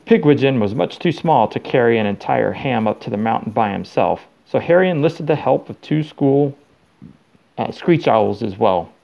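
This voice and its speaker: A man reading a storybook chapter aloud to his child in a steady, plain way. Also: medium pitch, normal speed, vocal fry, muffled recording.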